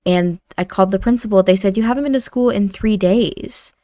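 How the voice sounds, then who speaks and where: A woman's voice: mid-range voice, a little fast, dark tone, dry recording, close to an everyday voice. A woman voicing a worried young woman who is trying to look after her brother, speaking earnestly and pleadingly. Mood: stern.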